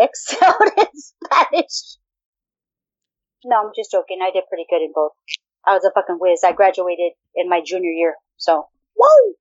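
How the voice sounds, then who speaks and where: A woman's voice: on the low side, dry recording. A woman co-hosting a casual podcast, playful and teasing, laughing and swearing, slipping Spanish phrases into her talk. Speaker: podcast co-host. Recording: dull lo-fi recording.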